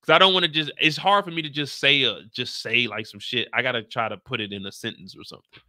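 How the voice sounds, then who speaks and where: A man's voice: mid-range voice, fairly even intonation, quick pace, bright, forceful tone, dry recording, clean studio sound. A man with an American accent recapping a TV episode in casual, slangy chat, reading out viewer questions and reacting playfully. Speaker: show recap host.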